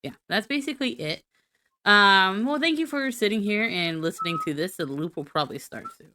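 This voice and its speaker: A woman's voice: mid-range voice, lively intonation, brisk, pushed and bright, slight background noise. A woman streamer doing a silly, rambling, self-mocking be-right-back rant.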